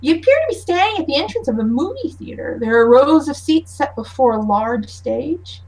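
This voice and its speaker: A woman narrating as game master in a tabletop game over voice chat, lively, with frequent fillers and laughs. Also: sits high, fairly quick, low-quality recording.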